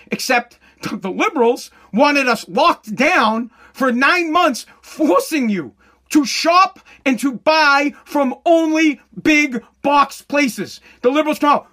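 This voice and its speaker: A woman delivering a heated, profane political rant in sarcastic commentary, swinging from shouts to slow, low emphasis.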